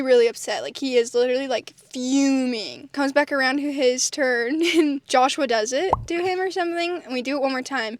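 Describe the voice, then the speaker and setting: A young woman casually telling a family story and jumping way up in pitch when she quotes people. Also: moderate pace, few pauses, no room sound. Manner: animated, jumps high when quoting others.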